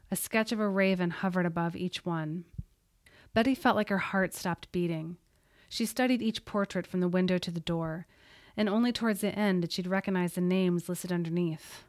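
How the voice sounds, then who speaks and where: A woman reading a story aloud in a steady, suspenseful voice. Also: lowish voice, no room sound, studio quality. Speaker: audiobook narrator. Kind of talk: scripted narration.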